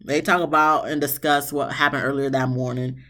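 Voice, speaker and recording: Sassy recap vlogger, blunt, swears, voice leaps high when exasperated, mid pitch. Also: steady tone, normal speed, bright, forceful tone. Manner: jumps into high exasperated tones. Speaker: TV show reviewer, channel host. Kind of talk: casual recap commentary.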